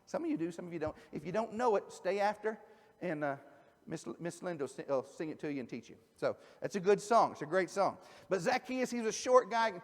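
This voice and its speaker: A man, a pastor, preaching a conversational sermon that moves from quiet asides to loud emphasis. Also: high-pitched, animated, fairly quick. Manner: conversational, swings from soft asides to shouted emphasis. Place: church sanctuary. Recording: church hall with long reverb.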